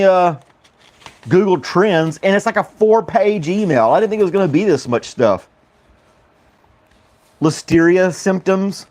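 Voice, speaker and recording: Casual morning host, an American man at home, rambling with lots of ums and quick laughs. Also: fairly high pitch. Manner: rambling, laughs often, many fillers. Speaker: morning talk show host. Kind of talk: casual chat with live chat viewers.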